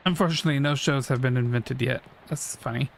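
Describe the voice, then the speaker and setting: A man's voice: mid-range voice, fast talker, gravelly, slight background noise. A man streaming a comedy role-playing game, reading its dialogue and narration aloud in a mock-solemn, old-fashioned manner. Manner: archaic mock-solemn delivery for game characters. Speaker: gaming streamer.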